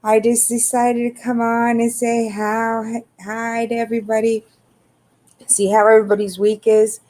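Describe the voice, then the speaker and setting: A middle-aged woman hosting a casual livestream, greeting viewers by name in a relaxed, tired, unhurried way. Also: a little high. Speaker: livestream host.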